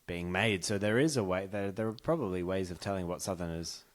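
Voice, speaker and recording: A man's voice: low-pitched, a little fast. A man chatting casually as a podcast guest, thinking aloud with fillers. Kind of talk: casual movie chat.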